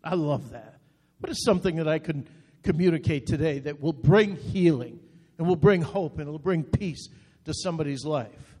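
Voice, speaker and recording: Brief: male pastor, high voice, earnest sermon delivery with repeated short appeals, long reverb on the voice. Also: moderate pace, warm tone, breathy edge.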